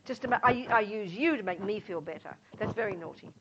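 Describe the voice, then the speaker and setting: A woman's voice: medium pitch, lively intonation, fast, a crowd in the background. A Buddhist nun teaching a class in an informal, emphatic way, often acting out little scenes as she explains. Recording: dull lo-fi sound, faint noise.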